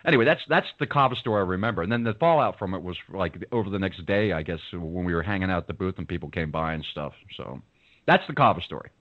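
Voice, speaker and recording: A man's voice: sits low, quick pace. A man hosting a radio show, telling a story casually and acting out the people in it. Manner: animated, acts out the people in his story. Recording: dull lo-fi sound.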